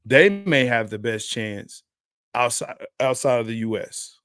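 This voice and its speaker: A man's voice: mid-range voice, expressive, a little slow, a bit bright, smooth, dry recording, studio quality. A man co-hosting a sports show, in a casual, joking, trash-talking chat with laughs. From Dallas area. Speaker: sports podcast co-host.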